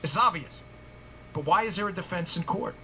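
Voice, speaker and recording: A man's voice: high voice, moderate pace, bright, forceful tone, slight background noise. A male talk show host in his forties delivering a heated political monologue, hammering points with repeated rhetorical questions.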